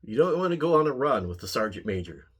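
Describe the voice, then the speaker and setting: A man's voice: mid-range voice, big pitch swings, fast, slightly rough. A man from Ohio, an army veteran, telling a story in a casual, wry way and chuckling at himself. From Ohio, USA. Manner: wry, dry, chuckling at his own story. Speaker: pipe-smoking vlogger, army veteran.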